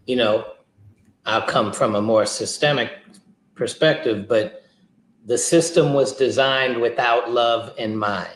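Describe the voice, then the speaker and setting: A man's voice: mid-range voice, slow pace, long pauses, fairly bright tone, a little hiss or hum. A man speaks as a guest in a casual discussion, in an ordinary mid-range voice. He reflects as he goes and builds his point step by step. His voice carries the echo of a roomy space. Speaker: podcast guest.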